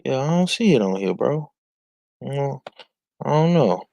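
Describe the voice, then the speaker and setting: A man's voice: mid-range voice, big pitch swings, moderate pace, gravelly, mellow, no room sound. A man hosting a casual sports chat, laid-back and drawling, often repeating himself. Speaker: host.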